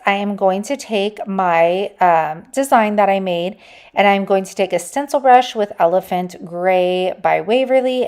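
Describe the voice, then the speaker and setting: A young woman narrates a home craft tutorial in a casual, chatty voice-over. Her voice sits at an ordinary middle pitch, and she sounds enthusiastic as she walks her viewers through each step. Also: a little mellow. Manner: chatty and enthusiastic, addresses viewers as "you guys". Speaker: DIY crafts channel host.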